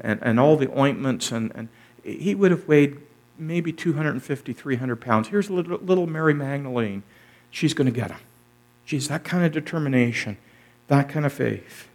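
A man preaching a sermon as a pastor, retelling scripture with enthusiasm. He repeats phrases for effect and lets his loudness surge and drop. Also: mid-range voice.

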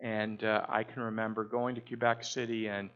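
Unhurried man, muffled recording. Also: lowish voice, flat delivery. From Canada. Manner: unhurried, with frequent "uh" pauses. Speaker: speaker. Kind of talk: reflective storytelling talk.

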